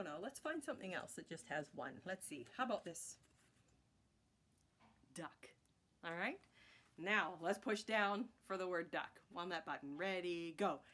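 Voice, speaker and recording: A woman's voice: mid-range voice, fairly bright tone. A woman teaching a children's music class, chanting rhythm words and cheering on her young learners. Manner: encouraging, sing-song chanting of rhythm words.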